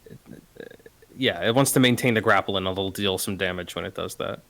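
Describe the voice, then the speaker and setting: A man's voice: sits low, fairly quick, creaky, fairly bright tone. A man playing a tabletop game, hesitantly thinking aloud as he works through his turn. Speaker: player. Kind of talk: casual tabletop game play.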